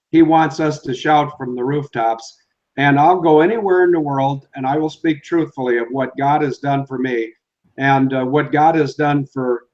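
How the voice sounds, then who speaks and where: An older man speaking as a guest, giving fervent, preachy testimony with slow, emphatic delivery. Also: mid-range voice, a little mellow, dull audio. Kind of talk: earnest religious testimony.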